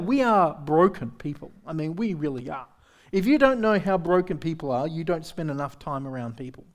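A pastor preaching a sermon in a candid, conversational way, with self-deprecating humor and frequent rhetorical questions to the congregation. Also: male voice, high voice. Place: church service.

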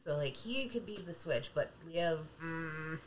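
A woman's voice: low voice, expressive, a little slow, a bit bright. A woman co-hosting a podcast, giving playful opinions in casual chat. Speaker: podcast co-host. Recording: noisy background.

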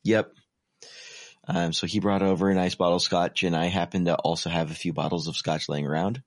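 A man's voice: sits low, fairly even intonation, a little fast, no echo, clean studio sound. A man in his twenties co-hosting a podcast, chatting casually and rambling with lots of fillers, sounding tired. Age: 20s. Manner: rambling, self-deprecating, many fillers. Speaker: podcast co-host. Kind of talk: casual chat.

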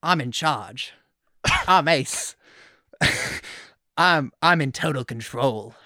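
A man putting on a deliberately bad British accent to play a cocky, self-assured male reality show contestant who boasts that he is in charge. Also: medium pitch, expressive, pushed and bright, no room sound, clean studio sound, heavily acted. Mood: smug. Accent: mock British accent. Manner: swaggering, boastful.

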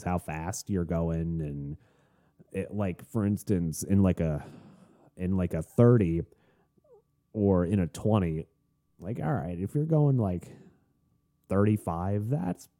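On his podcast, a young Florida man delivers a casual ranting monologue, swinging from loud, high bursts to low mutters. His voice is low-pitched and mellow, and his animated stories wander through frequent restarts and side comments.

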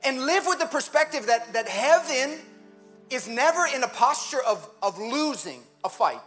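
A male pastor giving a conversational, animated sermon in a church, with quick asides and laughter. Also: very high voice, soft background music.

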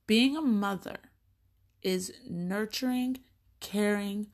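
A woman's voice: medium pitch, takes it slowly. A woman in her thirties, a mother, talking casually and animatedly, acting out little exchanges with her children as she tells stories. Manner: chatty, animated, acts out little dialogues with her kids. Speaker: mother sharing parenting stories. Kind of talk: casual monologue.

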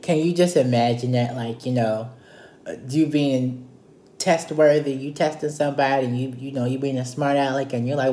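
A man's voice: mid-range voice, fairly even intonation, moderate pace, warm tone, echoey room. A man leading a casual Bible study, retelling scripture in a chatty, playful way. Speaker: Bible teacher.

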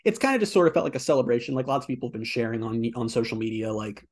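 A young man talking quickly and excitedly about college football, his speech full of "like" and quick restarts. His pitch sits in the middle range for a man. The feel is relaxed, podcast-style banter with a co-host. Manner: quick, chatty, lots of filler "like". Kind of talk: casual sports chat.

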